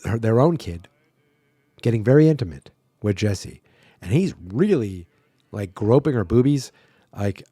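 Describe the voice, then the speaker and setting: A man's voice: fairly low pitch, mellow, no room sound. A man hosting a podcast, casually recapping a movie plot with sarcastic asides. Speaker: podcast host.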